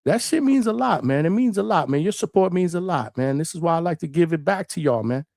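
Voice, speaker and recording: A man's voice: on the high side, quick pace, darkish tone, no room sound, clean studio sound. Laid-back, profane male stream host. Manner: laid-back, profane, fills lines with "man" and "bro". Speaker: host of a boxing call-in show. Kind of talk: casual live-stream monologue.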